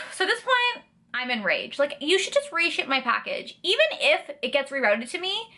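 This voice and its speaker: A young woman from Canada vents in a blunt, sarcastic rant full of swearing. Her voice is bright and forceful and sits a little high. She talks casually to camera. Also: very animated, normal speed. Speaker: vlogger. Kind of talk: ranting vlog.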